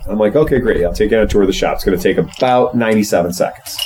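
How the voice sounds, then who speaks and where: A man's voice: lowish voice, rapid-fire, a little mellow, slight background noise, low-quality recording. A man co-hosting a casual podcast, telling stories in a sardonic, profane way. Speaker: podcast co-host and motorcycle shop owner.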